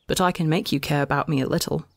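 Man doing a tired young forest god, soft-spoken, wistful, gentle, storybook reading. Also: on the high side, steady tone, fast talker, gravelly, dry recording, studio quality. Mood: weary.

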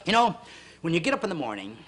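A man's voice: on the high side, huge pitch swings, fast talker, noisy background. A man hosting a televised exercise class, counting reps, urging viewers on, and breaking into earnest, preachy pep talks. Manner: earnest, preachy heart-to-heart asides. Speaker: fitness show host.

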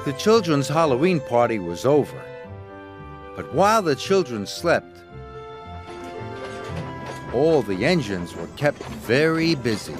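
A man narrating a children's story in an expressive, measured storytelling manner. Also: mid-range voice. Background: background music.

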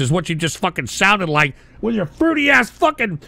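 A man hosting a call-in stream show, ranting abrasively, hurling insults and often bursting into shouts while drinking beer. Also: sits high, big pitch swings, normal speed, creaky. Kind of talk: profane live-stream rant.

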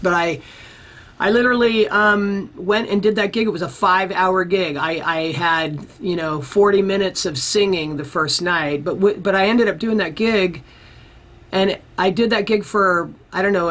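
A man being interviewed about his music career, telling a long story in a casual, rambling way and acting out the people he quotes. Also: high-pitched. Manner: animated storyteller who acts out the people he quotes; rambling, with many restarts.

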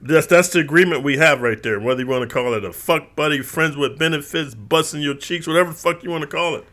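A man hosts his own show and rants directly to viewers, swearing freely, saying "bro" constantly, and coming across as streetwise. His voice is bright, forward, on the high side, and fast, and he lively mimics the voices of the people he complains about.

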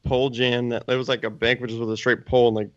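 A man's voice: medium pitch, fast, no room sound, muffled recording. A man co-hosting a podcast, talking eagerly in slang. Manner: eager, slangy, excited about tricks. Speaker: podcast co-host. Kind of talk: casual chat.

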